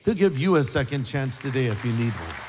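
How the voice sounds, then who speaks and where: A man's voice: a little fast, crowd noise, background noise. Joking preacher man in a reverberant hall. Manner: conversational, joking preacher with lively pitch swings. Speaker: pastor. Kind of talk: sermon. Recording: live sermon with long hall reverb.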